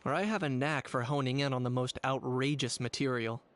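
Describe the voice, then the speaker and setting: An actor playing a friendly, easygoing young man in a game, with a smooth, relaxed delivery, from game audio. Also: medium pitch, a little fast, natural voice.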